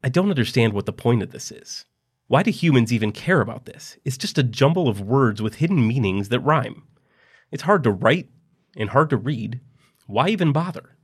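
A man's voice: medium pitch, lively intonation, normal speed, slightly rough, pitched above the performer's own voice. A man voicing Miranda, a young female android student, in a raised, girlish tone. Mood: defiant.

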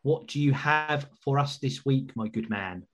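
Casual male podcast host, slightly husky, rambly and warm-paced. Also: mid-range voice, unhurried. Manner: chatty, rambling with restarts.

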